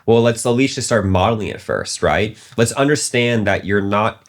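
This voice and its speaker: A young man hosting a casual business podcast, telling stories in an animated way and acting out the voices of the people he quotes. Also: lowish voice, normal speed. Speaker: podcast host.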